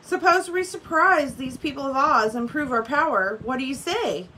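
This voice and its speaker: A woman reading aloud and voicing a hungry old male tiger who is gruff but soft-hearted, in a lower, slower growl. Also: lively intonation, a little hiss or hum, rough recording. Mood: menacing.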